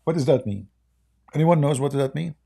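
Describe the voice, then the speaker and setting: Male stream host, dark gravelly tone, mocking and rambling, voice going. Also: fairly high pitch, expressive, a little fast. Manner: mocking, rambling, laughs often. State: losing his voice. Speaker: live-stream debate host. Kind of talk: casual live-stream chat.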